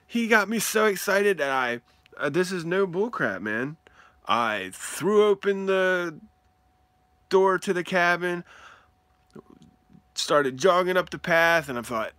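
Animated excitable man, slow and bright. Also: a little high, no echo. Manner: animated, whoops and laughs often, talks to chat. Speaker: card collecting live streamer. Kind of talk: excitable live stream mail-day chat.

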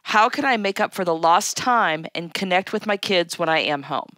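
A woman reads listener questions on an advice show in a bright, crisp voice. Her delivery is brisk and plain. The sound is dry and close. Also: fairly low pitch, animated, no room sound. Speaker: co-host reading listener questions. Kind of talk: reading questions, casual banter.

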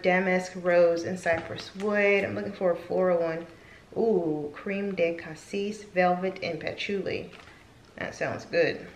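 A talkative woman in her thirties rambles to camera at home in a casual vlog. Her voice sits a little low, and the room around her rings with echo. A faint hiss runs underneath. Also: fairly bright tone. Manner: chatty, rambling, gets emotional at times. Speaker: lifestyle vlogger. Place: home, indoors. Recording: echoey room.

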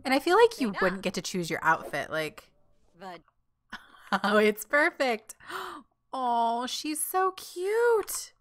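A woman's voice: a little high, sing-song, fairly bright tone. Giggly young woman commenting on a game. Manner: giggly, bubbly, gushing; voices her character in quick asides. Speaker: gameplay commentator. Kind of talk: casual let's-play commentary.

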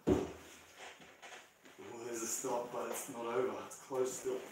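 A man leading a live-streamed arm wrestling session, chatting casually, laughing often and shouting during matches. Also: mid-range voice, monotone, unhurried, heavy background noise. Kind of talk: casual live-stream chat while training. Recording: echoey room from far off.

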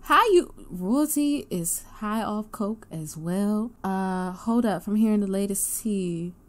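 A woman hosting her gaming channel, giving excitable casual commentary with loud gasps and outbursts. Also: medium pitch, slow. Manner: excitable, gasping and laughing reactions, loud outbursts.

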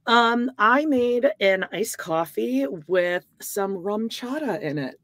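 Woman co-host, casual gossipy chatter, mid pitch, dry close mic. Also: animated, takes it slowly, fairly bright tone, dry recording. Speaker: podcast co-host. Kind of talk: casual chat on a live stream.

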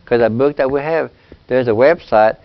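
A man's voice: mid-range voice, normal speed. An older man teaching a casual language lesson, patient and plain-spoken, often checking in with "you see". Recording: dull lo-fi sound.

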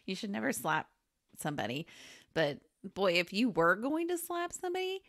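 A woman's voice: medium pitch, big pitch swings, normal speed, fairly bright tone. A woman co-hosting a podcast, chatting casually about a movie and swearing freely. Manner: chatty, swears, laughs easily. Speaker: podcast co-host. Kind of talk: casual movie recap chat.

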